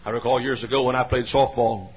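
A man preaching a sermon, repeating his phrases, swinging from shouts down to a low murmur, and often coughing and clearing his throat. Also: fairly even intonation, fast. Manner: repetitive, builds to shouting, then drops to a low murmur. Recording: dull lo-fi recording with faint hiss.

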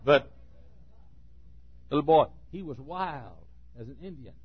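A man preaching a sermon, folksy and storytelling, dropping to quiet asides and then bursting into shouts. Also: fairly high pitch, lively intonation, slow, slightly rough. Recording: dull lo-fi recording.

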